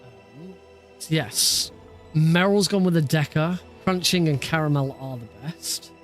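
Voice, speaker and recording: On a live stream, a man chats casually, rambling loosely from one thought to another with lots of fillers and restarts. His voice sits a little high for a man, his pace is a little slow, and faint music plays behind him.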